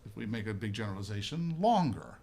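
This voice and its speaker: Coaching players at a hands-on violin workshop while musicians play around him, this man is chatty, sings phrases and keeps asking "right?" and "okay?". He talks fast in a lowish, gravelly yet mellow voice with big pitch swings.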